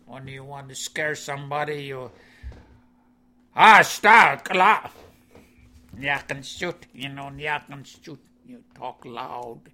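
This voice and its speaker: A man teaching vocabulary. He says each word, then explains its meaning in plain, halting English with many "you know"s. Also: medium pitch, flat delivery, sharp tone. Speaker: language teacher.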